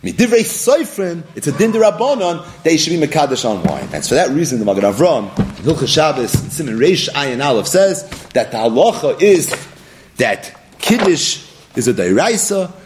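A man's voice: fairly high pitch, very animated, normal speed, over music. A man giving a Talmud study lecture, animatedly posing questions and then answering them himself. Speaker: Talmud teacher.

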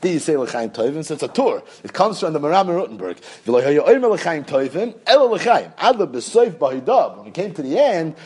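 A man's voice: fairly high pitch, moderate pace, hardly any pauses, breathy edge. A man with a Yeshivish English accent teaching a Talmud class, chanting the text in a sing-song study style. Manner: animated, sing-song study chant with Yiddish and Hebrew terms.

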